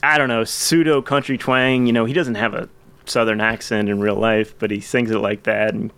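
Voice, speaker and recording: A man's voice: fairly low pitch, flat delivery, normal speed, a bit bright, smooth. A man hosting a podcast, chatting enthusiastically about songs with some rambling restarts. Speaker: podcast host. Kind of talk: casual chat about music.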